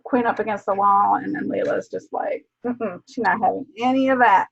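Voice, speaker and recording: A woman with a gravelly, husky voice co-hosts a casual book club chat. She retells scenes in an animated way, laughing and swearing. The sound is dull and lo-fi. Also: fairly high pitch, measured pace.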